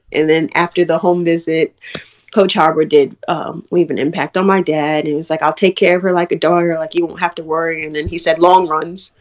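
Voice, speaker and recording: A woman's voice: low-pitched, steady tone, fairly quick, darkish tone. Young woman telling her track story. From New York. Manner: candid, storytelling with quoted dialogue. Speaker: college track athlete. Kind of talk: interview.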